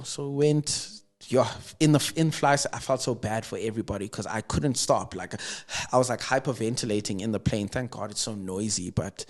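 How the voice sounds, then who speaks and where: A man's voice: fairly low pitch, normal speed. A young South African man, a podcast guest, earnestly telling a personal story in conversation. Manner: earnest, reflective retelling with emotional weight.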